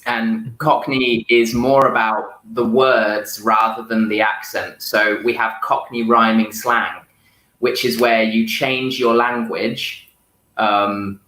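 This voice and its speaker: A man explains things patiently and backs each point with an example. His voice is bright and forward, and it rings with noticeable room echo. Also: mid-range voice. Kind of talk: casual explaining chat. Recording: roomy echo.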